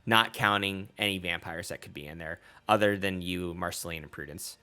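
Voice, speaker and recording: Male game master, loose and chatty, slightly low-pitched. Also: fairly even intonation, normal speed, sharp tone, clear, resonant tone. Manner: casual, rambling, many fillers. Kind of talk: narrating a tabletop game.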